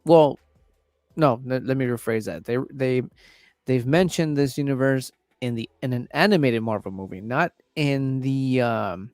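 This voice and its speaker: A man's voice: mid-range voice, measured pace, a little mellow, no echo, clean studio sound. A man hosting a casual livestream, talking loosely and swearing freely as he reacts to trailers. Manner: loose, profane, chatty. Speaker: livestream host reviewing trailers.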